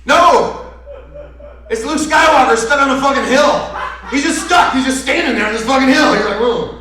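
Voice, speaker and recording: A very high-pitched male voice, fast, pushed and bright, tears through a profane, sarcastic comedy rant before a live crowd. The recording is echoey, with the speaker far off the mic.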